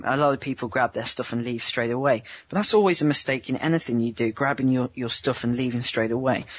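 A man's voice: mid-range voice, slightly rough, dry recording. A man, a dating coach talking in a chatty interview and acting out small scenes in other voices. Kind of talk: remote interview.

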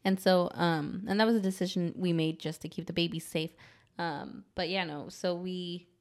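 A woman in her thirties co-hosting a podcast in casual chat, candid and quick to laugh, often checking in with "right?". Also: on the low side, fairly even intonation. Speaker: podcast co-host.

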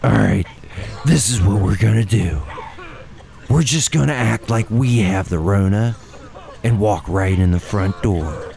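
A man putting on a friend's voice to lay out a plan, speaking slowly and deeply over crowd noise. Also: creaky, a little mellow. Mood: mock solemn. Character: absent male buddy, low and solemn.

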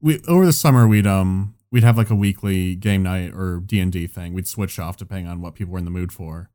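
Man, casual storyteller, rambling, profane, dark mellow tone. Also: deep voice, brisk. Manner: rambling anecdote with frequent "like" and swearing. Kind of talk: casual chat.

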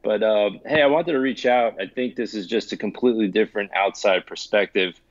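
A friendly man in his thirties calls in over an internet connection and chats easily with plenty of fillers. His voice sits on the low side. The sound is slightly muffled and dry. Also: a little fast, dry recording. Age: 30s. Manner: friendly, easygoing, filler-heavy. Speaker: caller. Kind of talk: casual call-in chat. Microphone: internet call.

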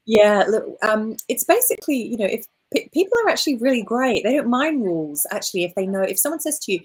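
An Australian woman, a founder, answering interview questions in an animated, storytelling way, acting out quotes and using fillers like "look" and "you know". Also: a little high, quick pace, husky. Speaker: orchestra founder, guest.

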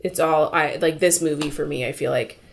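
A woman's voice: sits low, steady tone, fairly quick, gravelly. A young woman co-hosting a casual film review podcast, talking in a rambling way with lots of "like" and acting out scenes. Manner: rambling, filler-heavy, acts out scenes in voices. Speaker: podcast co-host.

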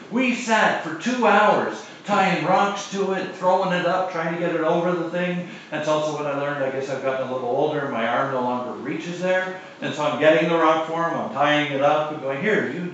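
Here a pastor's fairly high, fairly bright voice carries a sermon at a moderate pace: a personal anecdote first, then his points repeated with force. Slight background noise sits under the echoey, faraway lo-fi church audio.

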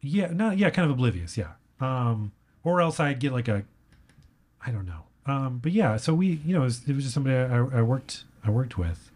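Male comic guest, deadpan delivery, absurd tangents, mid-range voice. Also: mid-range voice, moderate pace. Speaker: comedian guest. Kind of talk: casual podcast chat.

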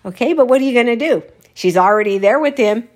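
A woman's voice: fairly high pitch, animated, quick pace, darkish tone. A woman telling a casual personal anecdote, often breaking into laughter mid-sentence as she tells it.

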